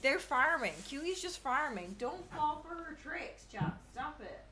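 A high-pitched woman streamer chats and teases her friends, talking to her chat with sudden loud outbursts. There is clear noise behind her voice. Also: measured pace. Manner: teasing, animated, loud outbursts. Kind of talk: casual group chat on stream. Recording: noisy background.

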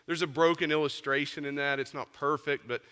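Male pastor, sermon delivery, bright tone, slightly high pitch, conversational with hushed emphasis. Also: fairly even intonation, a little fast, smooth, in a large hall. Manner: conversational, shifting between loud emphasis and hushed intensity.

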